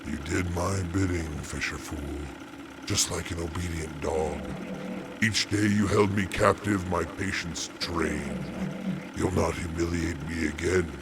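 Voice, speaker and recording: A vengeful giant alligator gloats over its revenge, slow and menacing. The voice sits impossibly low. A steady hiss of noise runs beneath it. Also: male voice.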